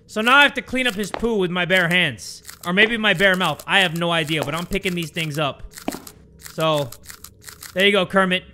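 A man hosting horror game commentary, excitable and swearing, jumping between mutters and sudden yelps. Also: sits high, moderate pace, a little hiss or hum. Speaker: gaming video host.

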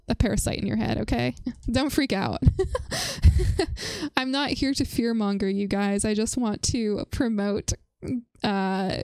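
A woman's voice: a little high, darkish tone, no echo. Giggly, chatty woman streamer. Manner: giggly, chatty, answers chat messages. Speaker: livestream host. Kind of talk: casual livestream chat.

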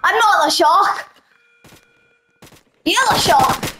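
A young woman playing a video game with excitable live commentary, giggling and shouting out reactions. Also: very high-pitched, slow pace. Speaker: gamer. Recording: noisy game sounds with gunfire behind.

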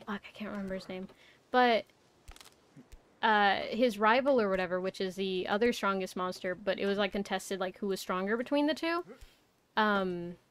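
A woman's voice: mid-range voice, moderate pace, clean tone. A young woman streaming a game, chatting casually, rambling and swearing with lots of fillers. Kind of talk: casual live-stream chat.

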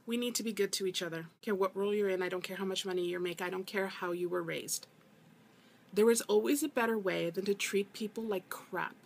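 A woman's voice: medium pitch, steady tone, fairly quick, gravelly, a little hiss or hum. A woman vlogger ranting about customer service, emphatic and exasperated, often repeating herself for emphasis. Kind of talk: casual ranting vlog.

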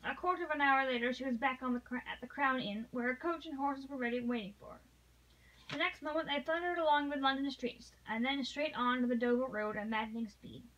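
A woman narrating a classic novel in a steady read-along, with small slips she corrects as she goes. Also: high voice, fairly quick, lo-fi sound. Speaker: audiobook reader.

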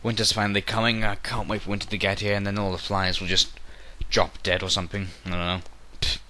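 A man's voice: lowish voice, level tone, fast talker, pushed and bright. A young man giving casual game commentary at home, rambling and jokey and breaking into silly voices. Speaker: let's play commentator. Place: bedroom at home.

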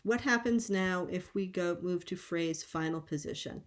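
Woman giving a measured academic talk. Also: lowish voice. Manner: measured, explanatory, with frequent ums. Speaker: linguistics lecturer.

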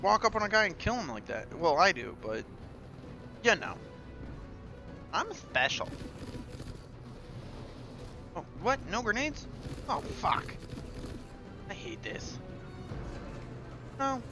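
Excitable, cursing male game streamer. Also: high voice, slow pace, pauses often, music in the background. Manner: profane, excitable, playful taunting of enemies. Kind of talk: live gameplay commentary.

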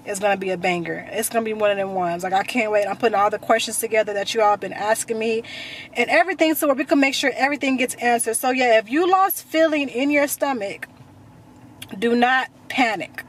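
A woman's voice: fairly high pitch, fast, a little hiss or hum. A young woman vlogging casually, chatty and repetitive, talking straight to her viewers. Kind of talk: casual chat to camera.

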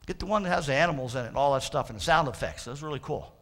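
A man's voice: medium pitch, lively intonation, very fast, fairly bright tone. A male pastor preaching a fervent sermon, stretching out his quotes of scripture for emphasis.

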